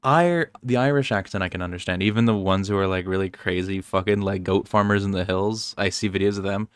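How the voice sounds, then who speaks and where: A man's voice: low-pitched, fairly quick, smooth, no room sound, studio quality. A man co-hosting a casual podcast, who laughs often, swears freely and pokes fun at himself. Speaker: podcast co-host.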